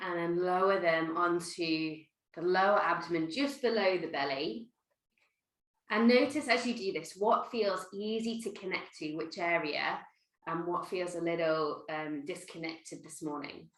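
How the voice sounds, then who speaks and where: A woman teaching a guided breathwork class, giving gentle, playful instructions. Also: lowish voice, measured pace, echoey room, rough recording. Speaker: yoga teacher.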